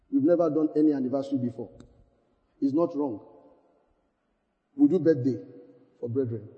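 A man preaches to his congregation from a big, echoing hall, his high voice leaping up and down. His tone is mellow and dark even when he presses a point. He keeps checking in with the room and repeats his lines to drive them home. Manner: call-and-response preaching, repeating phrases. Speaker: pastor. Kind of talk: sermon. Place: church hall.

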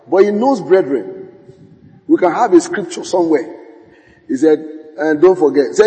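A man's voice: high voice, sing-song, a little slow, pauses often, darkish tone. A man preaching a sermon as pastor, shifting into dramatic quoted voices and laughing as he goes. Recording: long hall reverb.

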